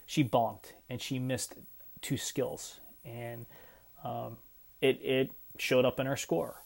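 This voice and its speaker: A middle-aged man talking in a casual vlog, emotional and choked up, halting with many fillers. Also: mid-range voice, flat delivery, gravelly, a little mellow. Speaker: parent vlogger.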